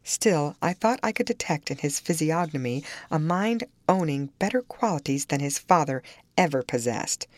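Low-voiced expressive woman narrator. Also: normal speed, no echo. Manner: expressive, storytelling. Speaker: audiobook narrator. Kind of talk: scripted narration of a classic novel.

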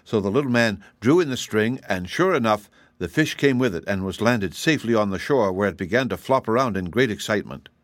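Male narrator, steady storybook reading, dry close sound. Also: lowish voice, fairly quick, no room sound. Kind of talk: audiobook narration.

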